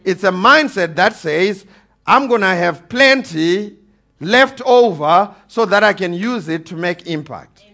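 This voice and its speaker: In an unhurried, high-sitting voice, a pastor delivers a lively sermon, prompting the congregation for amens and rising to forceful peaks.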